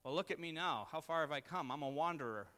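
A man's voice: on the high side, animated, fast talker, sharp tone, long reverb tail. A man, preaching a sermon as a pastor and telling a personal story in an earnest, self-deprecating way.

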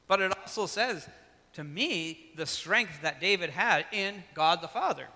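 Bright-voiced man preaching in a reverberant hall. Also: high-pitched. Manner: conversational preaching, acts out Bible dialogue, asides and personal stories. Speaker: pastor. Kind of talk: sermon.

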